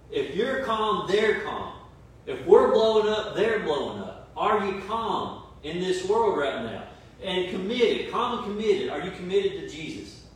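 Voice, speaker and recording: A man preaching a sermon to his church, with emphatic repetition and rhetorical questions. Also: sits high. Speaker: pastor. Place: church service streamed online. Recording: very echoey room, mic at a distance, faint room noise.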